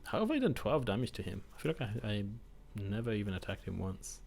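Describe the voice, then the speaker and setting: A man's voice: fairly low pitch, very animated, fast talker, creaky, darkish tone, slight background noise. A man hosting a gaming video, giving casual gameplay commentary, chatty and self-mocking as he thinks aloud.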